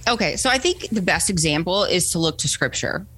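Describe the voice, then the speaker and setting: Lively woman telling a story. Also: fairly low pitch, a little fast, slight background noise. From United States. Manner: animated, acts out quoted voices, frequent "right?". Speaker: guest. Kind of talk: conversational storytelling.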